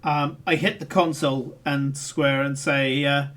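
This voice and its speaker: A man's voice: medium pitch, flat delivery, a little slow, hardly any pauses, fairly bright tone. A man playing a tabletop game, talking casually and decisively as he lays out plans. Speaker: player. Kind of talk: casual tabletop role-play.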